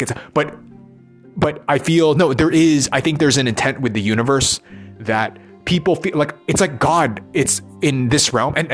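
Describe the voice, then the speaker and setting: A man talking in a rambling monologue, full of restarts and repeated "right?" checks, about his work as a performer. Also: medium pitch. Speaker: musician and performer.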